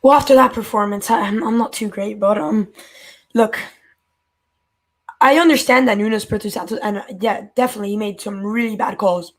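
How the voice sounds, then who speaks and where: A man's voice: sits high, brisk. A man calling in to a fan show, ranting in an exasperated way, his voice jumping up when he gets worked up. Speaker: caller.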